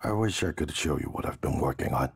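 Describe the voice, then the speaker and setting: Reassuring executive brother, very deep, raspy, lively delivery. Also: male voice, no echo, heavily acted. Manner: brisk, reassuring. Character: confident brother, company executive.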